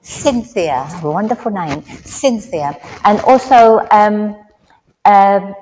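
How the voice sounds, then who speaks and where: A woman working as a medium at a service, relaying spirit messages in a halting way full of ums, in a village hall. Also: medium pitch, lively intonation, a little mellow. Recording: echoey hall, faint background noise.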